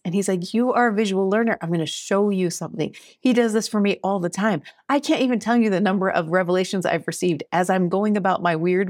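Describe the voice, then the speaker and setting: A woman's voice: medium pitch, a little mellow, no room sound, studio quality. A woman in her thirties hosting a podcast, teaching scripture in a casual, earnest way, often laughing and acting out quotes. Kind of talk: casual scripture study talk.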